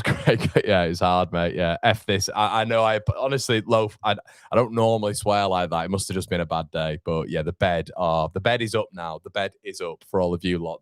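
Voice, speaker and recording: A man's voice: deep voice, steady tone, normal speed, smooth, no echo, studio quality. A young man hosting a live football watchalong, chatting casually and reading out viewer comments. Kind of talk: casual live-stream chat. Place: home room.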